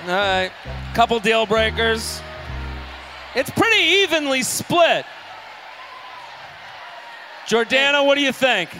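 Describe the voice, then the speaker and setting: A man's voice: extremely high pitch, big pitch swings, pushed and bright, faint music behind. A man co-hosting a podcast live on stage, riffing jokes with the crowd. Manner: joking, riffing quickly with a crowd. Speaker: podcast co-host. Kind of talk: comedic live podcast banter. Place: on stage in a theater.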